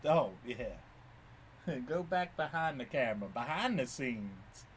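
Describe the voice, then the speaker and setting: A man's voice: medium pitch, very animated, slow pace, slight background noise. A man chatting playfully with his cat while filming, teasing it and laughing often. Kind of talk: casual talk to a pet.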